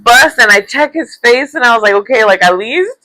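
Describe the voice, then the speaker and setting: A woman's voice: fairly high pitch, animated, brisk, sharp tone, dry recording, low-quality recording. A young woman co-hosting a podcast, telling a story in casual chat, swearing freely and slipping into Spanish. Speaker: podcast co-host.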